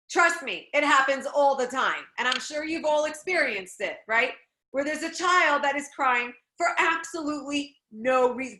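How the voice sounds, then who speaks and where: Animated high-voiced woman teaching. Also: reverberant. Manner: animated, expressive storytelling. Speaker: Torah teacher. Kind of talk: spoken Torah class.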